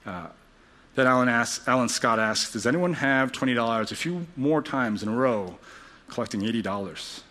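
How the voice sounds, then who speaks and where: A man preaching a sermon, telling a story earnestly and dropping to a hushed voice at tender moments. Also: medium pitch, moderate pace. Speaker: pastor.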